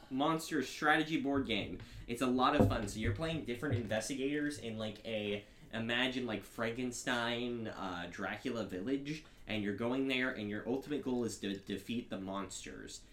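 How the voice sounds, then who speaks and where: A man's voice: mid-range voice, moderate pace, a bit bright. A young man hosting a casual family podcast, rambling through a board game review with many fillers. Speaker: podcast host. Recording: echoey room, faint background noise.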